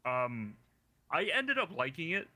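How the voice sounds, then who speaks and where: A man's voice: a little high, very animated, a little slow, sharp tone. A man co-hosting a casual comic book podcast, teasing his co-host with jokey asides.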